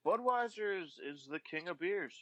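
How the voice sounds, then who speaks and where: A man co-hosting a podcast, talking in a halting way with many fillers. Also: sits high, animated, fairly bright tone, dull audio. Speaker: podcast co-host. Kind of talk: casual chat.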